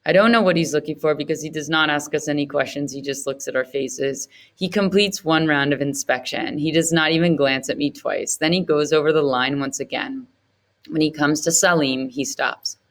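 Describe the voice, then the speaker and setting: Woman audiobook narrator, steady first-person novel reading. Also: deep voice, moderate pace.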